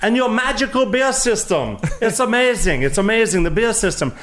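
A beaming executive gushes with delight, his voice lifted high and bright. Every line spills over with praise. A man puts him on, mid-chat. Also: lively intonation, normal speed. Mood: gushing. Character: effusive cheerful German male CEO.

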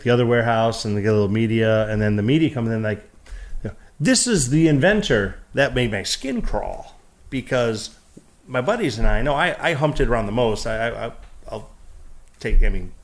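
A man in an easygoing podcast chat, mid-pitched and plain-voiced. He rambles through stories, curses freely and stumbles over restarts as he goes. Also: normal speed. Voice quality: rambling, profane, lots of restarts. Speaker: podcast guest, game inventor. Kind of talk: casual chat.

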